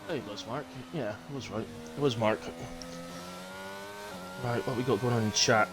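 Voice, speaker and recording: A young Englishman with a West Country accent commentates a sim race on a live stream, chatting with viewers in a relaxed manner full of fillers and self-corrections. His voice is mid-range and his speed normal, with heavy background noise throughout.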